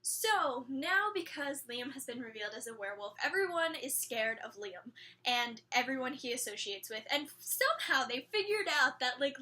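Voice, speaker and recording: A young woman casually reviewing a TV episode in a chatty vlog, animated, with many "like"s and frequent laughter. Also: fairly high pitch.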